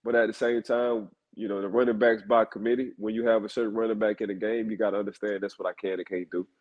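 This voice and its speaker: A man's voice: lowish voice, little pitch movement, fast, darkish tone, lo-fi sound. A man co-hosting a football talk show, telling stories and repeating names for emphasis in casual chat. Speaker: football analyst co-host.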